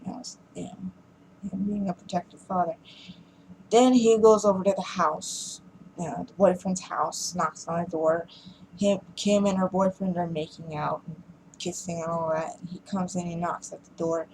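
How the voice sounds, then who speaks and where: A woman's voice: on the low side, steady tone, normal speed, noisy background. A woman giving a casual, rambling film review rant, frustrated and full of fillers.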